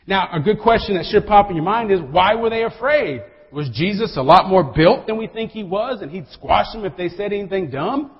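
A man's voice: high voice, expressive, brisk, hardly any pauses, breathy edge. A man preaching a sermon as a pastor. He speaks with animation, addresses the congregation directly and acts out the quotes. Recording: dull audio with long hall reverb.

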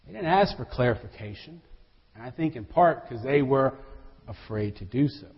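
With a husky, expressive mid-range voice at normal speed, a man preaches to his congregation as their pastor. He speaks directly to them with animation and acts out the quotations, in a dull recording full of long hall echo.

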